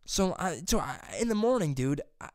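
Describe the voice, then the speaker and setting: A young man chatting casually as a podcast co-host, swearing freely and breaking into loud high-pitched impressions. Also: lively intonation, moderate pace, no echo, clean studio sound. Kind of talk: casual chat.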